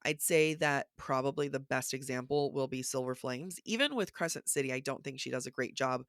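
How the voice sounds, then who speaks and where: A woman co-hosting a book podcast in casual chat, her voice raspy from just waking, animatedly quoting passages and thinking aloud. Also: rumbling low, fairly quick, no echo, studio quality. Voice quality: raspy morning voice. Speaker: podcast co-host. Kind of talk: casual literary discussion.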